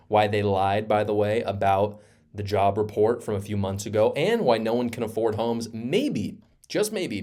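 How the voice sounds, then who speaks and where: A man's voice: fairly low pitch, a little mellow. A man hosting a political commentary video, heated and sarcastic, hammering his points with repetition. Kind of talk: opinion commentary vlog.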